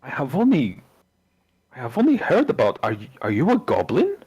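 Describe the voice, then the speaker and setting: A man's voice: medium pitch, huge pitch swings, normal speed, a little mellow, slightly rough, dull audio, pitched above the performer's own voice, heavily acted. A man voicing a sheltered village woman who keeps stammering in wonder as she questions her strange guests. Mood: amazed, inquisitive.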